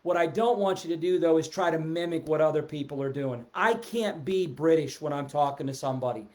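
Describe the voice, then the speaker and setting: A middle-aged man giving a casual, animated sales talk on a live stream, seated and reading out viewer comments. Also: on the high side, a little fast. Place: indoors, seated in a chair. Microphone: webcam or phone at a desk, seated.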